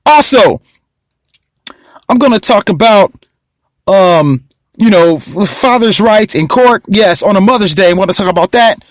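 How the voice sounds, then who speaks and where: A man hosting his own podcast in a rambling, casual way, with sarcastic asides about how excited he is. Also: high-pitched, a little slow, pauses often, no room sound. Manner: sluggish, mock-excited intro. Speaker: podcast host.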